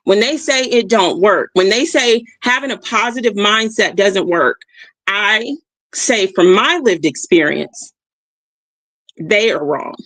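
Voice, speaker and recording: A woman speaking in a dry, close-up way, with no room echo. She talks at a middle pitch as she hosts a motivational livestream, repeating her key lines with emphasis and checking in with "okay?" along the way. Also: animated, slow pace. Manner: addresses listeners warmly as "y'all". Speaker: livestream host. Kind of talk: motivational reflection talk. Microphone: streaming mic.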